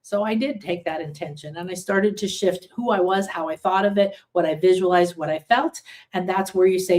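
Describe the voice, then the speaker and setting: A woman's voice: lowish voice, moderate pace, darkish tone. A woman hosting a live online class as a spiritual teacher, a chatty, rambling storyteller who reads out and answers viewer comments. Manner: chatty, rambling storyteller with frequent fillers and restarts. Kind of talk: casual live-streamed teaching. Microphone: computer setup with screen sharing.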